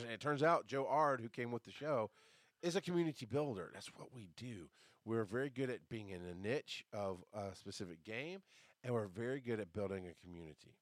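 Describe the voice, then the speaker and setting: A man's voice: mid-range voice, a bit bright, no echo, studio quality. A man hosting a podcast in a casual, rambling monologue. He swears freely and breaks off to answer live chat comments. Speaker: podcast host.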